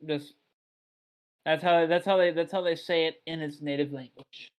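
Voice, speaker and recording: A man's voice: fairly high pitch, steady tone, moderate pace, smooth. A man from Texas hosting a casual beer podcast, chatty and rambling, swearing offhand. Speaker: podcast host. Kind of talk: casual chat.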